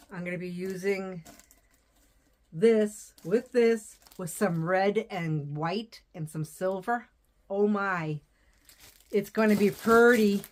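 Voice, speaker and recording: Her medium-pitched voice has a darkish tone. She's a wreath designer and vlogger from Southern New Hampshire, casually talking her way through unboxing wreath ribbon, wandering off topic and saying the same phrases again and again.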